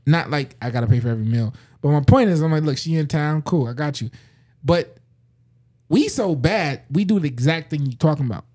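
A man's voice: on the high side, animated, fairly quick, darkish tone. Laid-back slangy young man hosting. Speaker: podcast host. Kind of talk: casual chat.

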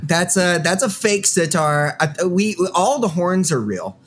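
An easygoing man in a band, joking through an interview with a slightly high voice. A faint rumble sits under the recording. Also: expressive, measured pace. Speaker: band member. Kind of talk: casual interview chat.

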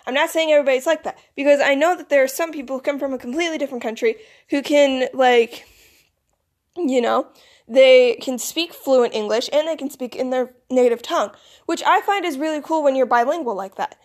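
A woman's voice: sits high, brisk. A woman with a Michigan accent talking in a casual, rambling monologue. She is groggy from just waking up and keeps filling gaps with "like" and "you know". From United States. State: groggy, recently woken. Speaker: vlogger.

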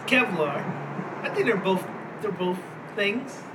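A man's voice: high voice, animated, takes it slowly. A man co-hosting a casual podcast chat, joking around, laughing often and swearing freely. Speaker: podcast co-host. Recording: noisy background.

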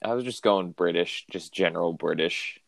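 A man co-hosting a podcast over a remote call, chatting casually with dry, deadpan complaints and playful bits. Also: low voice, moderate pace, gravelly, no echo. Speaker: podcast co-host. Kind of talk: casual chat.

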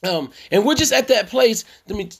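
A man's voice: high voice, lively intonation, moderate pace, vocal fry. A man coaching couples in a church workshop who speaks emphatically like a preacher and repeats his challenges to the audience. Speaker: marriage coach.

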